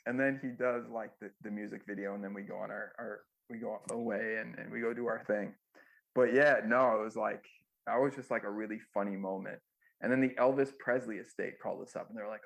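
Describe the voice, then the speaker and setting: A former music manager, a man, telling a long story in a loose, rambling way and often ending sentences with a quick "right?". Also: on the low side, fairly even intonation, vocal fry. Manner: ends many sentences with a tag question, "right?"; loose and rambling, with restarts and fillers. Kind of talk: casual storytelling in an interview.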